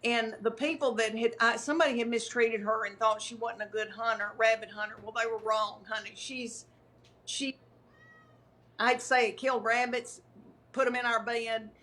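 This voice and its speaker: A woman's voice: a little high, fairly even intonation, normal speed, a bit bright. A woman, a comedian telling rambling, self-deprecating stories in casual chat over a video call. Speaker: comedian guest.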